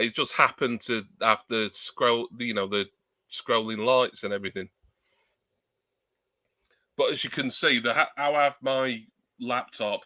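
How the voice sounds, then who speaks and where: A man's voice: medium pitch, pushed and bright, no echo. A man chatting casually on a live stream through a new external desk mic at his laptop, rambling and joking at his own expense. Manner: rambling, self-deprecating, joking.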